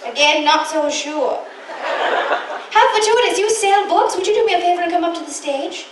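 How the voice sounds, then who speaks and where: A woman's voice: very high voice, expressive, moderate pace, a crowd in the background. A woman playing a glamorous, affected stage magician with a Canadian accent, who gushes and calls everyone darling. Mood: teasing. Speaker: comedy magician. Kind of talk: live stage character comedy. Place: stage before a live audience. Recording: roomy, distant live stage recording with noise.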